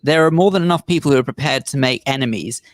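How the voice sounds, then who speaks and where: A man co-hosts a radio chat show, speaking earnestly and in measured phrases into a studio microphone. His voice sits at a middle pitch, and the sound is dry and close. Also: dry recording. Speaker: radio co-host.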